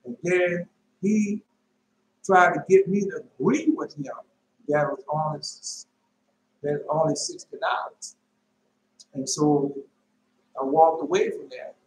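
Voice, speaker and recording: A man preaching informally and telling a dream, emphatic, repeating his phrases and jumping into sudden high shouts. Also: measured pace, long pauses. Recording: echoey room with faint noise.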